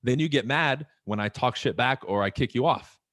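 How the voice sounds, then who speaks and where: A man in mid pitch talks on a podcast. He is animated and swears a lot, with rhetorical questions. His voice sounds close and dry. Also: moderate pace, no room sound. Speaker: podcast guest. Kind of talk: casual podcast chat.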